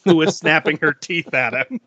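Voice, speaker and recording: A man's voice: fairly high pitch, moderate pace, no echo. A man co-hosting a podcast, recapping a film scene by scene in casual chat and laughing often. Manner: laughs often, lively storytelling with restarts.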